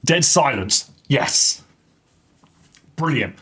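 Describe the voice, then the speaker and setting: A man's voice: medium pitch, lively intonation, very slow, fairly bright tone, slightly rough. A man chatting casually on a live game stream, rambling, joking and swearing as he goes. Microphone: headset.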